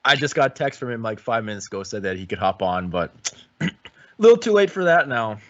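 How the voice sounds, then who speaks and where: A man hosting a sports podcast, chatting casually and rambling, with many restarts and throat clearing. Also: mid-range voice, very animated, brisk. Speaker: podcast host. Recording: dull lo-fi audio.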